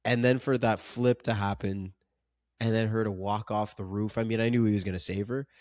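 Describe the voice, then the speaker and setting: A man's voice: lowish voice, steady tone, brisk, darkish tone, no room sound, studio quality. A man co-hosting a podcast, chatting casually about a film in an earnest, emphatic way and often stumbling over repeated words. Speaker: podcast co-host. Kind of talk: casual film review chat.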